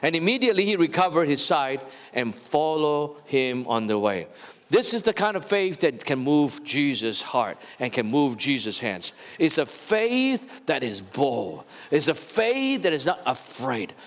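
A male pastor delivers a lively sermon in a high voice, speaking straight to his congregation with restarts and fillers. He slows to stretch out key words and swells in volume on the emphatic parts. The sound carries a long reverb from the church sanctuary. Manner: animated preaching, often stretching words and crying out louder.

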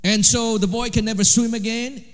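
A man with a high voice preaches a sermon with lively swings between loud emphatic lines and quiet asides. His voice carries with a long reverb, as in a large hall. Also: normal speed. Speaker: pastor.

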